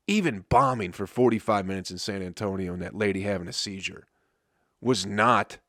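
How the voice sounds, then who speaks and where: A man's voice: mid-range voice, fairly bright tone, no echo, clean studio sound. A man who is a comedian, telling rambling, profane stories on his podcast and laughing at them. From Flint, Michigan. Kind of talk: casual storytelling monologue.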